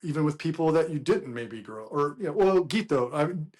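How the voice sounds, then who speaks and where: A man's voice: a little high, lively intonation, fairly quick, a little mellow. A middle-aged man telling rambling stories as a guest in a casual chat, laughing and breaking into quoted voices.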